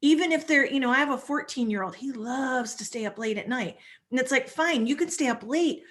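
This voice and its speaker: Animated woman coach, rather high voice. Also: a little fast. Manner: animated, acts out little voices while explaining. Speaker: family stress coach, guest speaker. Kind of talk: conversational talk.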